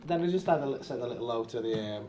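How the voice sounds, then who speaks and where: A man's voice: mid-range voice, animated, mellow. A male stand-up comedian chatting backstage after a show, blunt and full of swearing. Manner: blunt, sweary, quick banter. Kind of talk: casual backstage chat. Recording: echoey room.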